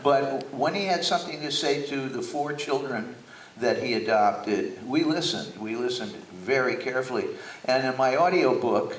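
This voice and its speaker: A man's voice: mid-range voice, normal speed, slight background noise. Man reminiscing on a theater stage. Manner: reminiscing, warm storytelling with restarts. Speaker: guest speaker. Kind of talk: onstage talk with a live audience. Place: theater stage before an audience. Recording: echoey theater, mic from a distance.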